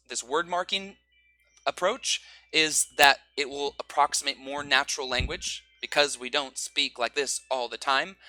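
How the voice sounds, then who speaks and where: A man with a slightly higher voice and a sharply bright, forward tone explains teaching methods to fellow teachers. He sounds relaxed and conversational and breaks into chanted rhythm patterns to demonstrate. The sound is dry and close. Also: dry recording. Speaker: English teacher.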